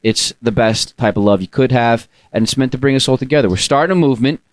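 A man's voice: medium pitch, quick pace, no echo. Upbeat rambling male podcast host. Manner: upbeat, rambling with fillers and restarts. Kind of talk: casual podcast chat.

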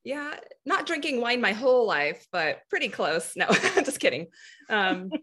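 A woman guest telling stories about her childhood in a relaxed casual interview, laughing often. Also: fairly high pitch, a little slow. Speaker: guest athlete.

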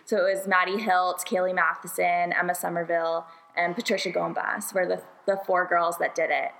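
A woman's voice: lowish voice, little pitch movement, moderate pace, gravelly, a bit bright, a little hiss or hum, low-quality recording. A young woman in her twenties, a university volleyball player, telling a story on a podcast in a chatty way, with many fillers and frequent laughs.

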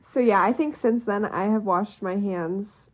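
Young woman, podcast co-host, slow unhurried pace, breathy voice, earnest and a bit anxious. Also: medium pitch. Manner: anxious, earnest, self-deprecating. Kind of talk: casual chat.

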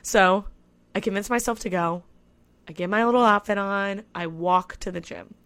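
A woman's voice: medium pitch, moderate pace, a bit bright, clear, resonant tone. A woman in her twenties hosting a solo podcast, chatting candidly and telling a personal story with lots of "I was like" asides. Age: 20s. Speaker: podcast host. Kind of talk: casual solo podcast monologue.

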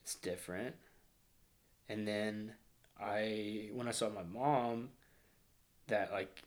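A man's voice: fairly low pitch, fairly even intonation. A man in his thirties from Arkansas with a slight Arkansas accent, recounting his childhood grief in an interview, close to tears and dropping to near-whispers. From Northwest Arkansas, US. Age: 30s. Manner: reflective, slows and softens into near-whispers when emotional. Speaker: guest. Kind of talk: emotional personal interview.

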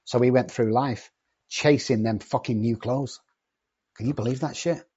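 Blunt, cussing man with a husky voice. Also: medium pitch, moderate pace, a little mellow, lo-fi sound. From not from England. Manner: profane, cocky and confrontational. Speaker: addiction treatment company owner. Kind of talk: blunt podcast conversation.

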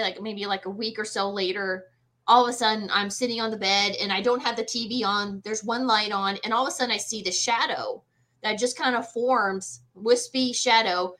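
A woman, a medium, telling her own ghost experience in a casual interview, animated and full of fillers and restarts. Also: on the high side. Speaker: guest medium.

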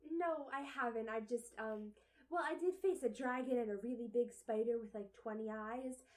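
A woman's voice: on the high side, normal speed, darkish tone. A woman playing in a tabletop game, speaking in a playful, mock-proper manner. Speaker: player. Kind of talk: tabletop role-play.

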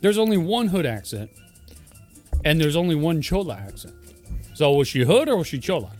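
A man's voice: a little high, sing-song, normal speed, darkish tone, faint music behind. A young man co-hosting a podcast, teasing and mocking in crude casual banter. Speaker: podcast co-host.

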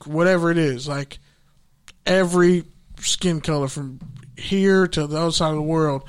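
A young man tells a work story in a loose, profane, animated way, slipping into the voices of the people he quotes. His voice sits a little higher than most men's. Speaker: podcast host. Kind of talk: casual storytelling.

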